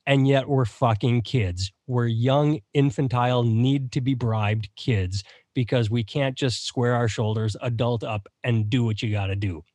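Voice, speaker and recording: A man's voice: medium pitch, steady tone, unhurried, few pauses, a little mellow, no echo. A man in his thirties, a podcast co-host, ranting in a sardonic, profane way during casual chat.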